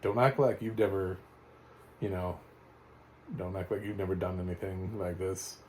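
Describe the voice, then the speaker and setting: Guy doing a defensive dude muttering denials, low and mellow. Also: steady tone, moderate pace, slight background noise, lightly acted, rough recording.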